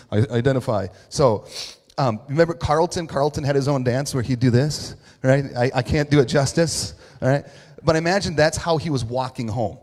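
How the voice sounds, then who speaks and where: A man's voice: medium pitch, a little mellow. A man giving a casual, joking sermon as pastor, acting out the voices of the people in his story. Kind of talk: conversational sermon. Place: church sanctuary. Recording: long reverb of a hall.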